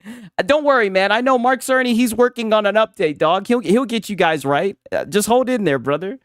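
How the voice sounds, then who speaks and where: A man's voice: high voice, animated, fairly quick, fairly bright tone, no echo, clean studio sound. A man doing casual gaming reaction commentary, profane and mocking, who keeps asking "right?".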